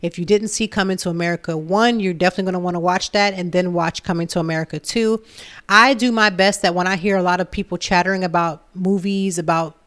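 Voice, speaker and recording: A woman in her thirties talking candidly and from the heart about her own life, in a relaxed conversational way. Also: fairly low pitch, fast talker, no echo. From Philadelphia area. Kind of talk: casual personal talk.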